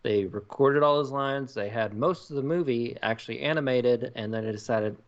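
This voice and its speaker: A man chatting casually as a podcast co-host, with a pitch that sits in the middle range. He tells stories with many fillers and restarts. The recording sounds a little dull and lo-fi. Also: moderate pace. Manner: chatty, storytelling with frequent fillers. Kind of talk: casual chat.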